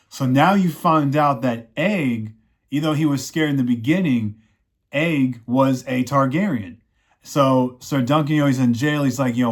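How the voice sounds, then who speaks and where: Male reviewer, casual rambling recap, mid pitch, loose delivery with frequent restarts. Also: normal speed. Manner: rambling, many fillers and restarts, acts out quotes. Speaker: show reviewer.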